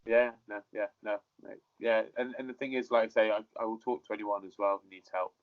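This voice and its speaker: Easygoing fighter chatting on a call, says innit, muffled lo-fi sound. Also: male voice, lowish voice, fairly even intonation, fairly quick. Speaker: guest, professional fighter. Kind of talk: casual interview chat. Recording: dull lo-fi sound.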